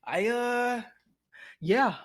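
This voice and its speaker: A man co-hosting a casual podcast chat, excitable, swearing and acting out scenes in a raised voice. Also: extremely high pitch, very slow. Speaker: podcast co-host.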